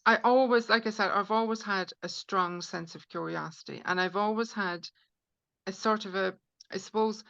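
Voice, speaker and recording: A woman's voice: mid-range voice, normal speed, gravelly, fairly bright tone, no echo, dull audio. A woman being interviewed as a spiritual healer, speaking earnestly in a rambling way with many fillers and restarts. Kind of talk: conversational podcast interview.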